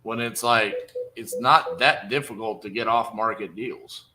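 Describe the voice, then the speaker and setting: A man's voice: on the low side, steady tone, unhurried, sharp tone, rough recording. A young man in casual livestream talk, blunt and conversational, with frequent fillers, between cold calls to sellers. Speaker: real estate wholesaler.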